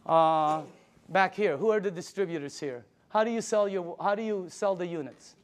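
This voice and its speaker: An older man giving a sales pitch, enthusiastic and emphatic, telling stories to his audience. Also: normal speed. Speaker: sales presenter.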